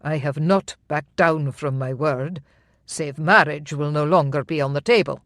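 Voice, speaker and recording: Firm, measured laird, assertive and unbothered; a romance-novel hero read by the narrator; dry, close sound. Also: medium pitch, no room sound, lightly acted. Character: firm calm male Highland laird.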